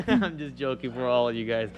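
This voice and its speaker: Excitable man streaming trades. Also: mid-range voice, moderate pace. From India. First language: Telugu. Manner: excitable, joking, talks to chat. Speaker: stock trading stream host. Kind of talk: casual live-stream chat.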